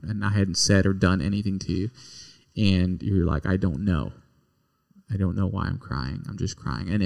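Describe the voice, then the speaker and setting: A middle-aged man from Kentucky chatting casually with his wife, telling stories in a rambling, self-correcting way. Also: on the low side. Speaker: podcast co-host, husband. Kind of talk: casual chat.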